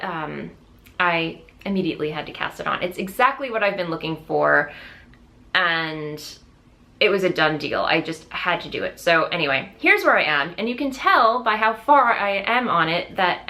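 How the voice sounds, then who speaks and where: A woman's voice: fairly low pitch, pushed and bright. A woman hosting a knitting video podcast, chatting casually to viewers in an enthusiastic, rambling way with lots of fillers and restarts.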